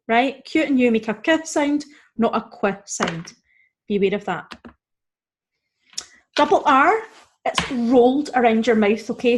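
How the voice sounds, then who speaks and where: In a recorded beginner Spanish lesson, a woman with a slightly high voice explains things step by step. She pronounces the Spanish example words slowly and clearly and keeps checking in with "okay?" and "right?"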